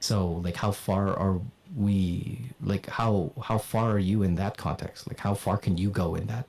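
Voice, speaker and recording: A man raised in the Philippines chatting casually on a livestream, animated, swearing and laughing often. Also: low-pitched, unhurried, creaky. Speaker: streamer and voice actor.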